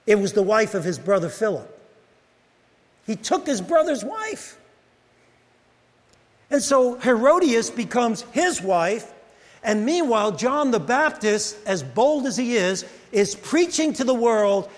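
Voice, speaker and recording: Storytelling male pastor, high voice, church hall with long reverb. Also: measured pace. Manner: animated storytelling, addresses congregation by name. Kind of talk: sermon. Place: church sanctuary.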